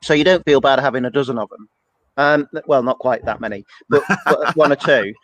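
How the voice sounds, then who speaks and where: A man's voice: mid-range voice, fairly quick, fairly bright tone, no room sound, rough recording. A man co-hosting a church's weekly show, chatting casually and rambling along in a self-deprecating way. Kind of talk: casual chat.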